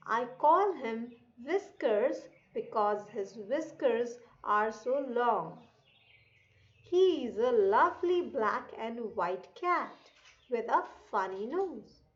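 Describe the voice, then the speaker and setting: An English teacher with an Indian accent reading a passage line by line to young children and drilling pronunciation slowly and carefully. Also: female voice, on the high side, lo-fi sound.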